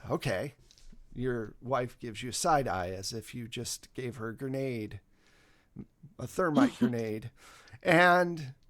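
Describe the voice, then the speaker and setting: A man at a middle pitch narrates a tabletop game as its game master. He tells the story in a loose, relaxed way and uses plenty of fillers.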